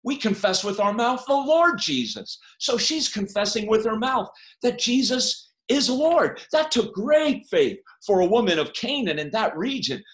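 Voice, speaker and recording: A man preaching a sermon in a church, impassioned, rising to loud cries when he quotes the text. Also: very high voice, expressive, a little slow, hardly any pauses. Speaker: pastor.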